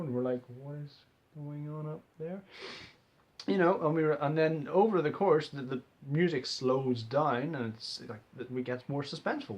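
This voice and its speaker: A young man excitedly rambling through a casual movie trailer reaction, swearing freely and restarting his sentences. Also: a little high. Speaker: vlogger.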